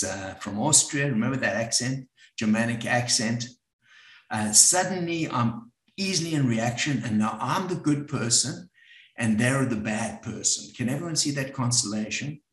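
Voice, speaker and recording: Earnest South African man, echoey room. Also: medium pitch. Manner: earnest, with frequent restarts and pauses. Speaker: speaker at a community event. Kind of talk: reflective talk to a live audience.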